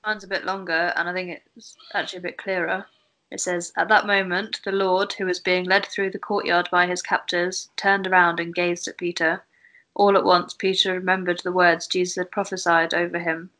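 A woman leading a casual Bible study discussion in a thoughtful, gently guiding way. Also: on the low side, little pitch movement, moderate pace. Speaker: Bible study group leader.

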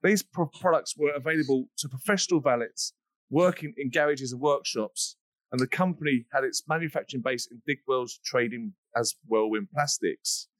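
A man's voice: mid-range voice, moderate pace, a bit bright, no echo, rough recording. A man hosting a podcast in an upbeat, jokey, rambling way. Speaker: podcast host. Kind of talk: casual podcast chat.

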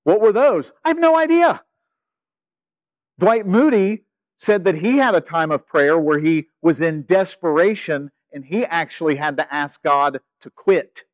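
Pastor guy preaching, voice kinda high, goes loud then drops to a hush, muffled dry audio. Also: unhurried, dry recording. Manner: animated, swings from loud to hushed. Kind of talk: sermon.

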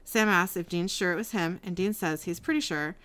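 A woman's voice: fairly low pitch, fairly quick, fairly bright tone, clear, resonant tone. A woman co-hosting a casual podcast, recapping a TV episode from her own written notes and chatting with a friend. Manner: reads quotes from her written recap, giggly.

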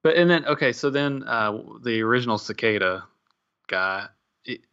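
A man's voice: mid-range voice, expressive, normal speed, sharp tone, smooth. A married man co-hosting a casual podcast, rambling and hesitant with small chuckles. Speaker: podcast co-host. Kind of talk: casual chat. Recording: slightly dull, lo-fi sound.

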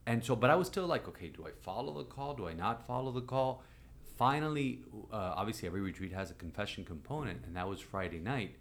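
Lively storytelling male priest, low voice. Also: fast. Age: 40s. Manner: animated storyteller, acts out quoted voices. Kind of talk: storytelling in conversation.

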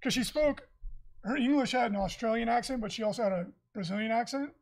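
A young man co-hosting a podcast, chatting casually and reading out viewer comments with quick rambling asides. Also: very high voice, gravelly. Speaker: podcast co-host.

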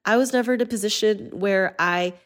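A woman's voice: mid-range voice, a little fast. A woman in her thirties hosting an interview podcast, talking earnestly and personally. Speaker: podcast host. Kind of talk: conversational interview.

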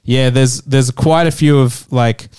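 A man's voice: medium pitch, fairly even intonation, measured pace, a little mellow, clear, resonant tone. A man hosting a casual movie review chat, retelling scenes and laughing often.

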